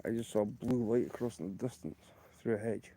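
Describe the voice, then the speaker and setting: A man's voice: on the low side, fairly quick. Rambling Scottish man on a night walk. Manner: rambling, chatty, kept quiet. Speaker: livestream host. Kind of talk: casual live walking vlog. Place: outdoors at night, walking between graveyards.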